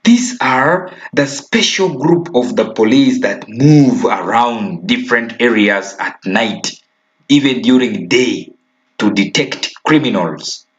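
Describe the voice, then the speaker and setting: A man's voice: mid-range voice, expressive. A man with a Ugandan English accent teaching a recorded primary school lesson, stressing key words and checking in with "okay?". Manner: slow, emphatic, repeats key words and asks "okay?". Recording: dull lo-fi recording.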